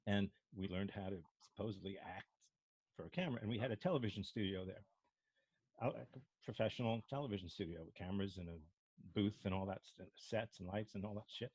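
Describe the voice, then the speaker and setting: A man's voice: lowish voice, fast, a little mellow, slightly rough, dry recording. An older man from Brooklyn, with a faint Brooklyn accent, telling rambling stories with many restarts as an improv instructor. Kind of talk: casual discussion.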